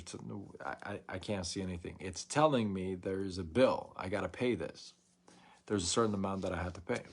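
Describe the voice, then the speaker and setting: A man hosting a live show, telling a long story in a casual, animated way and acting out both sides of a phone call. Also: on the low side. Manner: animated, retells a frustrating phone call with many quoted exchanges.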